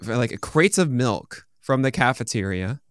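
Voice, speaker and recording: Smooth-voiced man hosting a relaxed chat. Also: mid-range voice, unhurried, no echo, studio quality. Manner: relaxed, rambling storytelling. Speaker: host. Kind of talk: casual chat.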